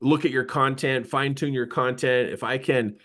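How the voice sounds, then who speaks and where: A middle-aged man, a business coach, telling a story in a live coaching talk and acting out his own surprise. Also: moderate pace. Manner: animated storyteller, voice jumping high for quoted surprise.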